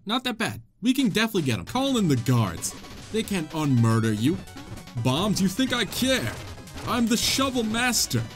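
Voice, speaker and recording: A young man commenting on his own game playthrough, excitable and dramatic, with jokey yelps and groans. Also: mid-range voice. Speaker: gaming channel host. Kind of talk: let's play commentary.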